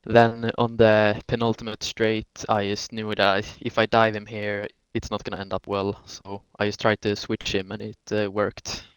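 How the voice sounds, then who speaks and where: A man talking as a sim racing driver in a casual post-race chat, calm and a little hesitant. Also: lowish voice, normal speed, few pauses, clear, resonant tone, no room sound, poor audio.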